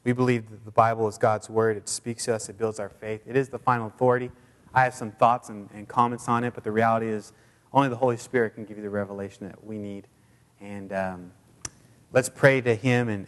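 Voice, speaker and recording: A male pastor preaching and praying to his church in a loose, conversational way, with many fillers and restarts. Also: on the low side. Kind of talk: sermon and prayer. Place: church sanctuary. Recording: long hall reverb.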